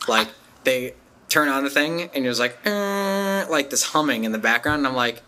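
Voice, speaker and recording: A man's voice: mid-range voice, a little fast, sharp tone. A man co-hosting a podcast in casual chat, wry and questioning, laughing often. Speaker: podcast co-host.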